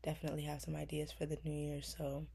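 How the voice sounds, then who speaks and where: A woman's voice: sits low, monotone, creaky, warm tone, husky. A young woman in her twenties, a vlogger answering interview questions in casual, reflective talk, earnest and emotional, with frequent fillers. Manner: earnest, emotional, drawn-out pauses, many fillers. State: close to tears.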